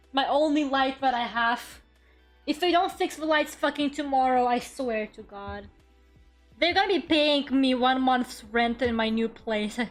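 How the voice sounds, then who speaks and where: A woman streamer chatting casually and rambling from her room, now and then swearing and talking to her viewers. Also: high-pitched. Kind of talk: casual live-stream chat. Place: her own room at home.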